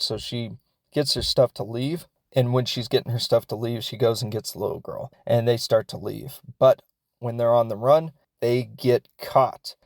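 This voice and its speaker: A man's voice: medium pitch, vocal fry, darkish tone, dry recording. A man hosting a show and casually recapping a film in a rambling, wry way, full of fillers. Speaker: host.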